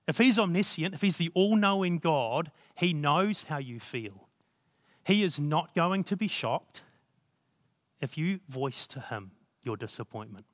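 A man's voice: a little high, no echo. A man preaching a sermon in an earnest, conversational way, reading scripture aloud and reflecting on it.

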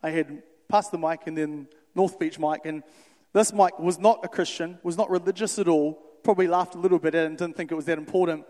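A young man, a youth worker telling stories in a sermon, animated and conversational, acting out the dialogue. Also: a little high, fairly quick. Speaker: youth worker speaking to a church. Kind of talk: storytelling sermon. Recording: reverberant hall.

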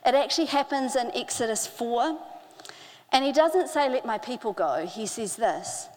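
A middle-aged woman preaching a sermon, earnest, slowing down to stress key phrases. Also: a little high, expressive. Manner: earnest, with slow emphatic phrasing. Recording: hall with long reverb.

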